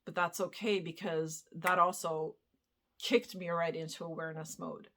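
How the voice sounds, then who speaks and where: A woman's voice: fairly low pitch, fairly even intonation, moderate pace, fairly bright tone. A young adult woman vlogging, telling a personal story in a chatty, casual way with lots of fillers and casual swearing. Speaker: spiritual vlogger.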